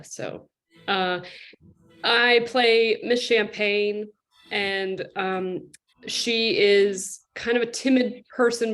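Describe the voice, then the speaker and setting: A woman improv player introducing herself over a video call, gentle and a little hesitant. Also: mid-range voice. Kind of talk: casual self-introduction.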